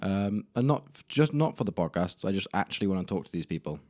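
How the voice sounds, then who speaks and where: Young man, solo podcast host, deep low voice, dry close sound, rambling, self-deprecating, swears casually. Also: very animated, quick pace, a little mellow, dry recording. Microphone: camera mic in a room.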